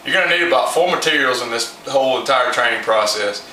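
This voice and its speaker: A man teaches dog training in a plain, folksy way, with a bright, sharp edge to his voice. He sounds a little distant from the mic in an echoey home room. A faint hiss of noise sits behind him. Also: medium pitch, animated, quick pace. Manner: plain, folksy and informal, with many fillers. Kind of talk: instructional how-to talk.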